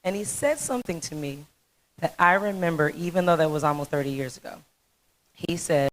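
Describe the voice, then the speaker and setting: A woman in her thirties giving a motivational conference talk, telling a folksy, animated story. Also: low-pitched, moderate pace, pauses often, low-quality recording. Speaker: dentist speaker.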